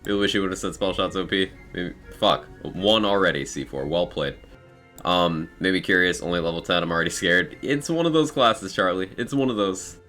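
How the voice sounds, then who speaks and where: A man's voice: deep voice, moderate pace, bright, forceful tone, soft background music. A man streaming a game live, chatting casually with viewers and thanking them, in a groggy, tired morning voice. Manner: reads out viewer names and thanks them, laid-back and chatty. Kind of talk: casual live-stream chat while gaming.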